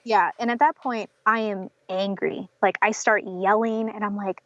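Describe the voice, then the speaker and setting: A young woman from North Carolina, with a mid-range, steady voice, a moderate pace, and few pauses, tells a personal story as a podcast guest. She uses many fillers like "um" and "like" and acts out what others said to her. The audio is dry, slightly dull lo-fi podcast sound.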